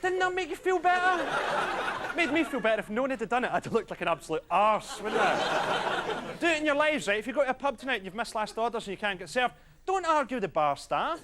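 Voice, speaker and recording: A man doing a stand-up routine on stage, talking to the crowd in an animated, conspiratorial way. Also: sits high, quick pace, background noise. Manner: animated, conspiratorial, bursts into loud quoted cries. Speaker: stand-up comedian. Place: comedy club stage with audience.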